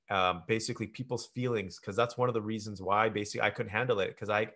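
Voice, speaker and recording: A man's voice: on the low side, fairly bright tone. A man hosting a podcast in a casual conversation, earnestly advising his listeners directly. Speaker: podcast host.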